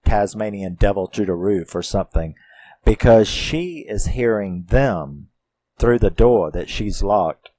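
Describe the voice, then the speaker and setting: A man recapping a horror film in a casual, profane and animated way. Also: lowish voice, measured pace. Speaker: film reviewer.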